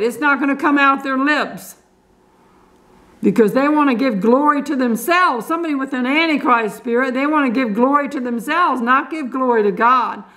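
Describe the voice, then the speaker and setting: An older woman speaks casually to her online audience. Her voice sits high, and her talk is fervent and full of exclaimed praise. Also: a bit bright. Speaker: Christian video blogger. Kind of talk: casual chat to camera.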